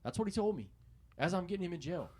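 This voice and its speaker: A young man telling a story as a podcast guest, swearing constantly and animated, often laughing at his own anecdote. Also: high voice, quick pace, a crowd in the background. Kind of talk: casual storytelling in a podcast interview.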